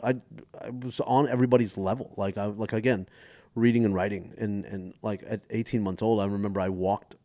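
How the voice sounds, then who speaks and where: A middle-aged man from Texas tells stories in a relaxed, animated way as a comedian guest. His voice sits fairly low and sounds dry and close, with little room around it. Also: brisk, dry recording. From Dallas area, Texas. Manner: animated storyteller who slips into voices and laughs often. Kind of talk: casual storytelling chat.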